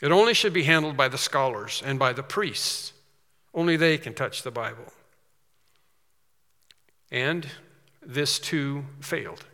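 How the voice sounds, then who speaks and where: Emphatic preacher in a reverberant hall. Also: male voice, mid-range voice, animated, a little slow, long pauses, bright, forceful tone. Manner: earnest, emphatic preaching with rising stresses. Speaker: pastor. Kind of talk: sermon.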